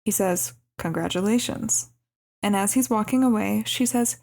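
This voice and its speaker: A woman's voice: mid-range voice, normal speed, gravelly, a little mellow. A young woman co-hosting a movie podcast, narrating the plot in a casual recap with light laughs. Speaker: podcast co-host.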